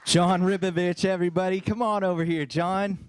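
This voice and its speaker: A man's voice: sits high, fairly even intonation, fairly quick, slight background noise. A man with an American accent hosting a songwriter showcase, upbeat and friendly as he brings performers up. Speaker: show host.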